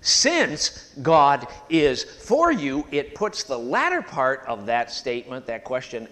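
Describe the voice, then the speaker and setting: A man preaching a sermon in a church, emphatic and animated, leading the congregation to repeat phrases after him. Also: medium pitch. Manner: sings hymn lines at the start.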